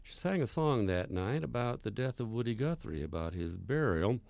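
A man's voice: mid-range voice, expressive, moderate pace, gravelly, darkish tone, no echo. A man hosting a folk music radio show, telling stories in a folksy, rambling way with many hesitations. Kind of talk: casual storytelling.

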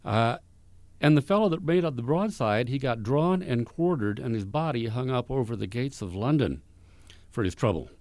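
A man hosts a radio show, spinning folklore in a folksy, rambling way full of restarts. His voice is mellow and warm-toned, recorded dry and close in a studio. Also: mid-range voice, expressive, moderate pace, no echo. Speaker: folk music radio host.

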